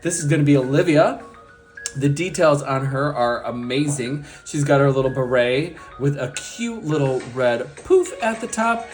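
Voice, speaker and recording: A man's voice: fairly high pitch, normal speed, soft background music. Gushing man narrating a toy unboxing. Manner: enthusiastic and gushing, lots of praise words. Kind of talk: casual unboxing commentary.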